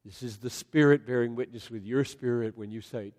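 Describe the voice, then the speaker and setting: A male pastor preaching a sermon in a large room, swinging from loud emphatic lines to soft, near-whispered ones. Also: medium pitch, brisk. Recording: long hall reverb.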